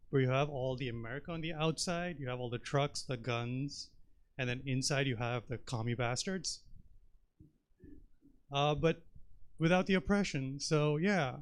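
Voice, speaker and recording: A man's voice: a little high, measured pace. A man from India doing a stand-up comedy set on a theater stage, talking in a chatty, rambling way with plenty of fillers.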